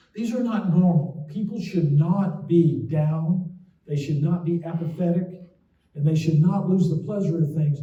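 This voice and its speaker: Memory doc chatting to a crowd, slightly high voice, heard from far back in an echoey room. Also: male voice, dark tone. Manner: folksy storytelling with frequent "okay?" asides. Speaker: memory doctor giving a talk. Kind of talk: casual lecture with anecdotes. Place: talk to an audience in a hall. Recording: roomy, distant, dull lo-fi sound.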